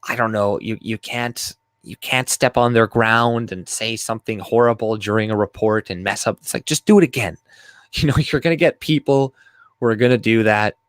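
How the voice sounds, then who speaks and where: Low-voiced, profane man rambling. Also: normal speed, no echo. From Canada. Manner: rambling and profane, with frequent fillers and laughs. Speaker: video commentator. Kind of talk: casual reaction commentary, reading articles aloud.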